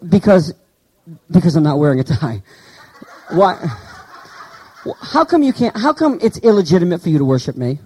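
A man preaching a sermon in a conversational way, asking his listeners questions and slowly reading out Greek words. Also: sits high, sing-song, darkish tone, husky, low-quality recording. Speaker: pastor.

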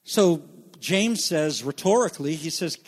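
A man with a rather high voice delivers a sermon. He teaches in a calm, explaining tone with some stumbles and restarts, then builds to loud, drawn-out, shouted emphasis. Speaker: pastor.

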